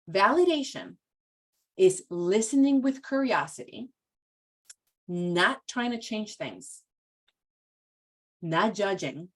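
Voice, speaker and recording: A woman giving a conversational training talk, casual and full of "like" and "you know.". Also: medium pitch. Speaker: presenter at a professional training.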